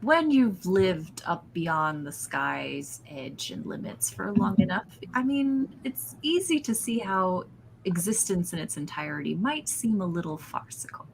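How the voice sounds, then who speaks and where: Woman playing entranced male cultist, eerie, mocking, slow amused drawl, lowish voice, faint hiss. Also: lively intonation, vocal fry, poor audio. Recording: faint background noise.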